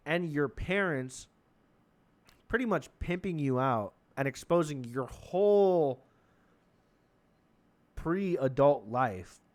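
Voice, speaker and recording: A young man hosts a comedy podcast in a loose, rambling monologue. He swears freely and gets excitable, and his voice sits a bit high for a man.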